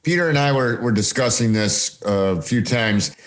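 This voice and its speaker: A man hosting a sports podcast, asking a guest relaxed, curious questions. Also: medium pitch, normal speed. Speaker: podcast host. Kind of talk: casual interview questions.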